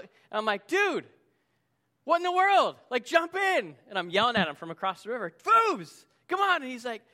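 A middle-aged man, a lead pastor, preaching a sermon and telling a lively personal story. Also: sits high. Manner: storytelling, animated, acts out shouting in the story.

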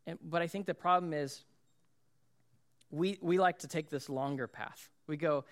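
A man in his thirties, a pastor preaching a sermon in a chatty, self-deprecating way, telling stories about his kids with quick laughs. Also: a little high.

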